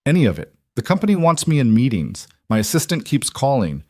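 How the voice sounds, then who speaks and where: A man's voice: mid-range voice, big pitch swings, brisk, dark tone, no room sound, clean studio sound, pitched above the performer's own voice. A man voicing an exhausted young woman, a new mother and company chief, anxious and tearful in a storybook reading. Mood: overwhelmed. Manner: anxious, tearful and self-doubting. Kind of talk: storybook dialogue.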